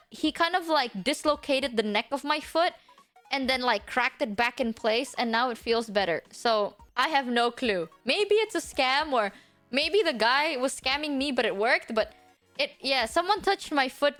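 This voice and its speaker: A young woman streamer chats to her audience in a high, bouncing voice that swoops up and down. She tells a dramatic story and swears freely, in English that is not her first language. Faint music plays underneath. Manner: animated, swearing, dramatic retelling. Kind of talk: casual storytelling chat.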